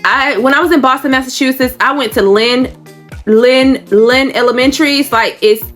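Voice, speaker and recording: A woman's voice: high-pitched, normal speed, a bit bright, faint music behind. Blunt, profane woman vlogger. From Georgia, US. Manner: blunt, profane, rambling with restarts. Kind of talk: candid personal storytelling.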